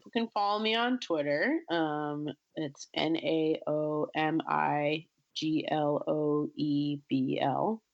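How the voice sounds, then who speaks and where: A woman interviewed as a guest writer, speaking thoughtfully and hesitantly with many pauses and restarts. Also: deep voice, fairly even intonation, creaky, highs cut off. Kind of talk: casual interview chat.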